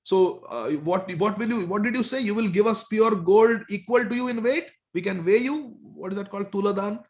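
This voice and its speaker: A man's voice: high-pitched, moderate pace, voice pushed up. A man doing wheedling greedy temple priests. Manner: wheedling, scheming. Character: greedy male temple priests, eager for gold.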